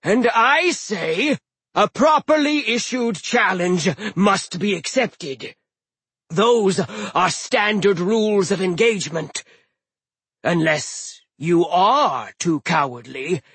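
A man voicing an ancient, stubborn male giant ship captain in an audiobook, booming and shouting his lines. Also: expressive, slow, husky, no echo, full character voice. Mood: stern. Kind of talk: audiobook character voice.

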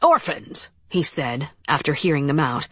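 A woman narrating a historical novel in an expressive, storytelling manner. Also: fairly low pitch, a little slow, slightly rough, dry recording. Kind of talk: audiobook narration.

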